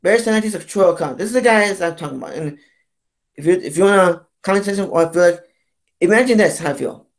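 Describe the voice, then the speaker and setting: A man vlogging a rambling, profane rant, halting and repetitive, with frequent restarts and stammers. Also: high-pitched. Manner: profane, repetitive, keeps saying "you know what I'm saying". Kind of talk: rambling ranting monologue.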